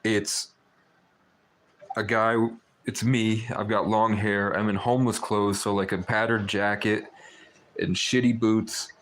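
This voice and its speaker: Guy on a live stream just rambling on, lowish voice, pretty monotone. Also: takes it slowly, slight background noise. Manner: rambling and talkative, with many fillers. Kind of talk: casual storytelling chat.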